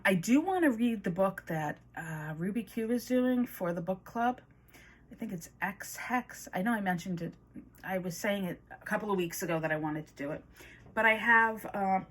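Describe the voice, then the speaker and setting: A woman vlogging her craft hobby in a casual, rambling chat to camera, often laughing. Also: on the low side.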